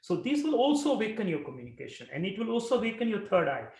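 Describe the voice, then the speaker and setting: High, lively male meditation teacher, echoey. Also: very fast. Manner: demonstrative, with long projected chanted syllables. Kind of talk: guided breathing and chanting instruction.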